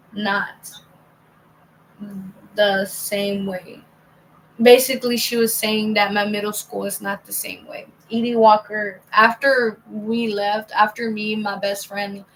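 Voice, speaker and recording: A woman's voice: mid-range voice, vocal fry, fairly bright tone, slight background noise, low-quality recording. A young woman telling a rambling, casual story to her viewers, reading out old text messages with many restarts. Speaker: vlogger.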